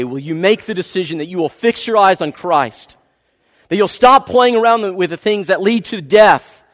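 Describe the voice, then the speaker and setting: High-voiced pastor preaching in a reverberant hall. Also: male voice. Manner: earnest, pleading, drops to a hush at the close. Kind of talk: sermon. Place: large church sanctuary.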